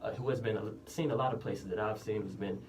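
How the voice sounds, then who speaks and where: A young man hosting a casual community radio show, speaking upbeat and a little slowly. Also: fairly low pitch. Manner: upbeat, deliberately slow radio voice. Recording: distant mic, faint room noise.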